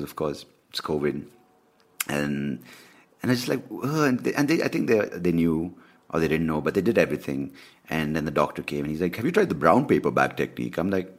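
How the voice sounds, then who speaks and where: A man hosting a podcast, telling a personal story in a candid, animated way with plenty of swearing. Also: rumbling low, fast. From India. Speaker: podcast host. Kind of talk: casual ranting monologue.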